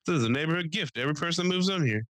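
A young man tells stories on a podcast, cursing freely and jumping up in pitch to act out the people he quotes. His voice is bright and forward, and the recording is dry and close. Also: rapid-fire, dry recording, low-quality recording. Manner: animated, profane, acts out quotes in raised voice. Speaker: podcast co-host. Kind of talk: casual storytelling.

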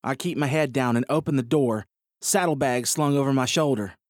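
A man reads a first-person western story in a steady, expressive voice. His pitch sits in an ordinary middle range. The recording is dry and close-miked. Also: fairly quick, dry recording.

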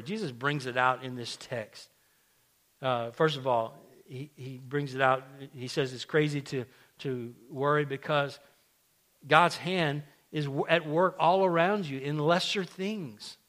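A man's voice: medium pitch, fairly bright tone. A man preaching a sermon as pastor, emphatic, repeating key phrases and restarting often. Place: church sanctuary.

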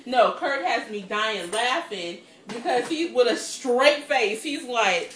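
A woman co-hosting a podcast from her kitchen, telling stories in a casual, animated way, laughing often and swearing freely. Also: a little high, takes it slowly, hardly any pauses, echoey room, far from the mic, a little hiss or hum. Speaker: podcast co-host. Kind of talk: casual storytelling chat. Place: home kitchen.

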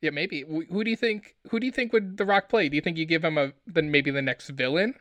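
Excitable higher-voiced male podcaster. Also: fast talker, dry recording. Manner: excitable, joking rants. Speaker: podcast co-host. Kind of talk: casual pop-culture chat.

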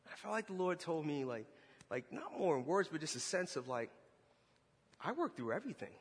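A man preaching a sermon, telling a story with animated energy and shouting at its peaks. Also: fairly high pitch, brisk, husky. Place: church hall. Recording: long hall reverb.

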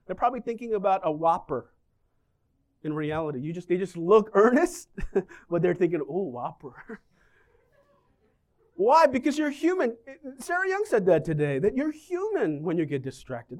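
A man's voice: high voice, sing-song, moderate pace, darkish tone. A man preaching a sermon, joking and asking the congregation questions as he talks. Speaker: pastor.

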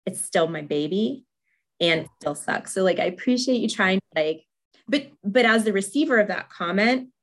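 A woman's voice: medium pitch, animated, moderate pace. A young woman hosting a faith-based podcast, talking candidly with many fillers and frequent laughs. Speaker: podcast host. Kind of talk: faith-based casual chat.

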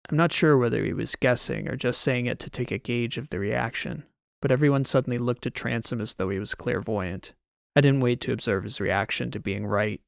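A man narrating a science fiction audiobook in the first person, in a steady, measured way. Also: medium pitch, vocal fry, dry recording, clean studio sound.

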